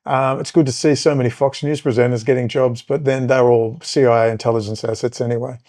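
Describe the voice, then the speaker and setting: A man's voice: mid-range voice, level tone, brisk, a little mellow. A middle-aged man from Australia, rambling through a casual political monologue as a podcast host, with many fillers and asides.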